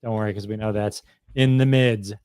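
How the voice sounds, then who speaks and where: A man's voice: fairly low pitch, fairly even intonation, a little fast, darkish tone, clear, resonant tone, no room sound. Chatty upbeat guy hosting a stream, kinda announcer voice, dry sound. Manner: upbeat, chatty, laughs often. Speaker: podcast host. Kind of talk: casual live-stream chat.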